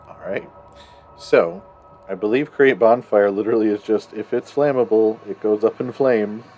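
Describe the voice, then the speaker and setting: A man narrating as game master of a tabletop game, relaxed and laughing, drawing his descriptions out. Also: fairly low pitch, moderate pace, soft background music.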